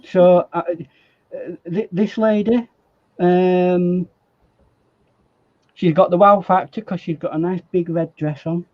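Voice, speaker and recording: A man's voice: high voice, fairly even intonation, slow pace, pauses often, muffled recording. A man with a Yorkshire accent giving a live watercolor demonstration, joking and rambling as he paints. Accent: Yorkshire English. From Yorkshire, England. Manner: jokey, rambling, laughs often. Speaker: guest artist demonstrating watercolor. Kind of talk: live painting demo chat.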